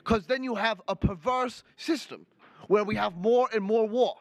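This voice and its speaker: A man's voice: high voice, moderate pace, no room sound. A young man putting on an indignant older male senator with a Brooklyn accent, lecturing and repeating his outrage in a comic political impression. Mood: ranting. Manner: ranting, finger-wagging, repeats outrage lines. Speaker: student livestream presenter.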